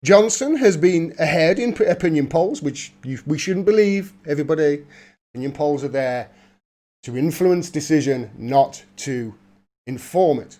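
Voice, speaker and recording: A man's voice: fairly high pitch, animated, normal speed, warm tone. A man reading news articles aloud and breaking off into sarcastic, laughing commentary, as the host of a political livestream. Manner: mocking, laughs often, reads then riffs.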